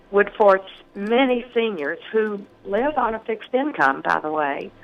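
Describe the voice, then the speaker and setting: A congressional candidate from Tennessee in their sixties, giving earnest, measured campaign answers in a radio interview, with many ums and restarts and a slightly rough early-morning voice. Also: medium pitch, dull audio.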